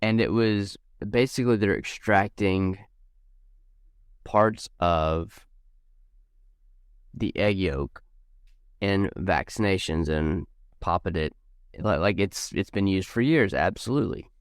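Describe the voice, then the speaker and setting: A man's voice: deep voice, takes it slowly, long pauses, clear, resonant tone, dry recording, clean studio sound. A man co-hosting a casual group podcast, rambling and restarting often as he explains things over a video call. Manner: rambling, restarts a lot while reading. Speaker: podcast co-host.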